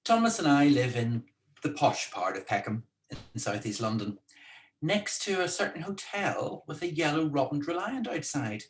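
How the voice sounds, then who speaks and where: A man's voice: fairly high pitch, lively intonation, normal speed. A man hosting a casual live-streamed talk from home in a chatty, playful, teasing way. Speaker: co-host and speaker. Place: indoors at home.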